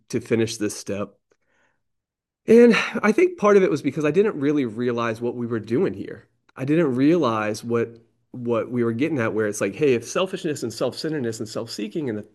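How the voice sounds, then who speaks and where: A man's voice: medium pitch, darkish tone. A man in recovery candidly sharing his experience with the steps, talking casually with slang and lots of restarts. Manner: casual, slangy, self-deprecating, many restarts. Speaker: AA member sharing.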